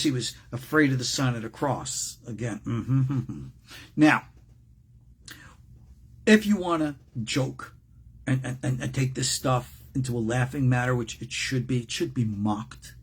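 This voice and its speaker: An older rabbi gives an informal religious class in a raspy, mid-range voice. He is animated and joking, with frequent asides.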